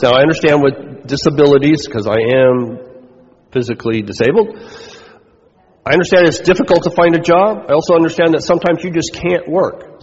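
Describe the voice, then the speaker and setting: A man who is a pastor, giving a conversational sermon and putting questions to his listeners. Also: on the high side. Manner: conversational preaching, asks the congregation questions. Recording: dull recording with long hall reverb.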